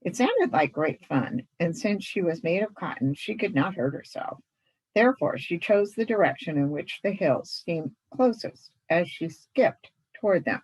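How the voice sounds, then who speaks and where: A woman reading a children's story aloud in an expressive, animated way. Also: lowish voice, normal speed, slightly rough, lo-fi sound. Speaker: club membership secretary reading a story.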